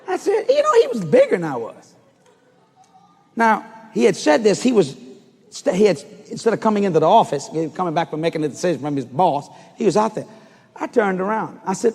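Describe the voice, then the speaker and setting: A high-pitched, gravelly preacher man tells a story from the pulpit, swinging his voice up and down and bursting into shouts. His voice rings out with a long reverb, as if he were in a large auditorium. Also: fairly quick. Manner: animated, shouting in acted-out dialogue. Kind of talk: sermon storytelling. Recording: reverberant hall.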